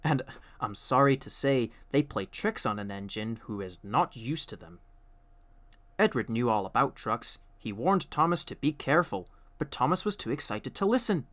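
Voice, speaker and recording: A man narrating a storybook audiobook with expressive, animated storytelling. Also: medium pitch.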